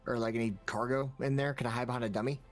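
A man's voice: mid-range voice, fairly even intonation, racing, soft background music. A man playing a tabletop role-playing game, chatting casually and asking the dungeon master rules questions. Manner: casual, asks rules questions, uses fillers. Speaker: player.

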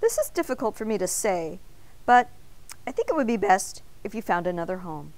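A woman voicing a kind, gentle grown man in a storybook read-aloud, speaking softly and plainly. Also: medium pitch, very animated, brisk. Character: kind gentle adult man, a doughnut's owner.

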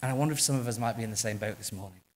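A man with an English accent preaching a sermon in church, impassioned, swinging between quiet passages and loud ones. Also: on the low side, rapid-fire. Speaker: pastor.

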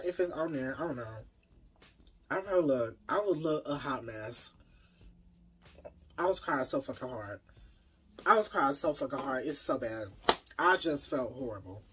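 A tired man telling a casual, profane story to his viewers, jumping from loud outbursts to low mumbles. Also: breathy edge. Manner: profane, slangy.

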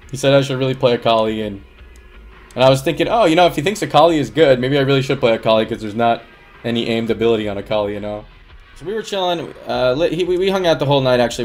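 A man with a fairly high voice tells a story to his stream chat. He rambles loosely, packing in fillers and bursts of laughter. Faint music plays quietly behind him. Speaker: livestreamer.

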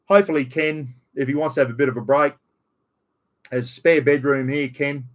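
Speaking at a moderate pace and medium pitch, a middle-aged Australian man rambles bluntly while hosting a casual live stream. He coughs slightly, not quite over an illness.

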